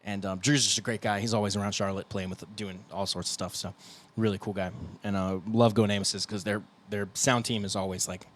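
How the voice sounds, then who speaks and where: A man's voice: fairly low pitch, little pitch movement, fairly quick, a little hiss or hum. A young man co-hosting a podcast, talking in a loose, rambling, casual way and breaking into goofy slurred voices now and then. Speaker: podcast co-host, guitarist. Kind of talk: casual chat.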